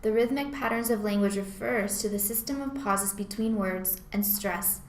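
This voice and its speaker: A woman's voice: medium pitch, moderate pace. Eager woman jumping in on a study group, echoey room, faint background hum. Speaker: student presenter. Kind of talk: scripted class presentation.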